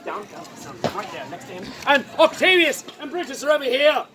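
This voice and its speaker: A woman performer narrating a live comic show outdoors to an audience, loud and playful, often laughing mid-line. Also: sits high, expressive, a little fast. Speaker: street performer leading an audience-participation show. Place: outdoor fairground. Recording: outdoor crowd noise. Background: noisy crowd.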